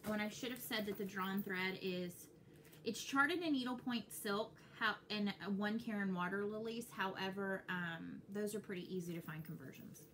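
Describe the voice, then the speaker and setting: A young woman with a Texas accent, chatting casually and excitedly to her viewers as a cross-stitch vlogger. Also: mid-range voice, normal speed, slight background noise. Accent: Texan. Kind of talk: casual chat to camera.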